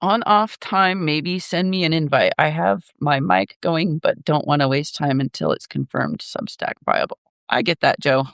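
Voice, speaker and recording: A man's voice: a little high, normal speed, vocal fry, a bit bright, no room sound, studio quality. An older man hosting a casual live chat, rambling with lots of fillers and laughter. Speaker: live stream host.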